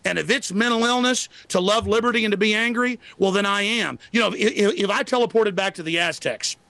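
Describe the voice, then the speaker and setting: A man's voice: high-pitched, brisk, gravelly, bright, forceful tone, no echo. A man arguing angrily as an interview guest, ranting in a declamatory way. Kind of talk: heated political argument.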